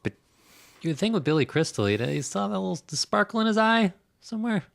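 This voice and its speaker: A man's voice: sits high, sing-song, fast talker, gravelly. A man co-hosting a movie podcast, chatting casually with dry, mildly sarcastic remarks. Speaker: podcast co-host. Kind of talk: casual chat.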